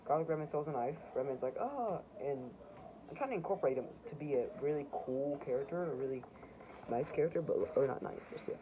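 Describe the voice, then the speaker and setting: Young amateur comic artist, loose self-mocking ramble, steady hiss behind him. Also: male voice, mid-range voice, quick pace. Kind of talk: casual show-and-tell narration. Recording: noisy home recording.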